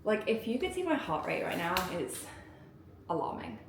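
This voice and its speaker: A woman vlogging casually at home, excitable and giggly, rambling with lots of fillers. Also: mid-range voice, moderate pace, slight background noise. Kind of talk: casual vlog chat to camera. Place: indoors at home, getting ready. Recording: echoey room.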